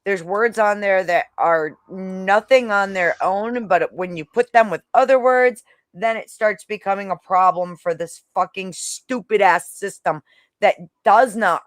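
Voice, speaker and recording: A woman's voice: mid-range voice, no echo. Woman stream host, blunt, welcoming, dry close mic. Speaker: channel host. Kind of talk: hosting a live stream panel.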